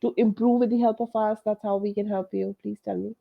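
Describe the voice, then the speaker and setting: A woman with an Indian English accent coaches pronunciation over a video call, explaining sounds frankly and padding her points with "you know". Her pitch sits in the usual middle for a woman. The call audio is a little muffled and dull. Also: steady tone, a little fast, gravelly. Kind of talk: online coaching session.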